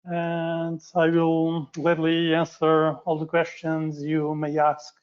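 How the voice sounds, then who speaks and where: Slow, halting man with a Portuguese accent. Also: on the high side, monotone, smooth, dull audio. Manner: halting, frequent fillers and self-corrections. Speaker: guest speaker. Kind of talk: webinar presentation.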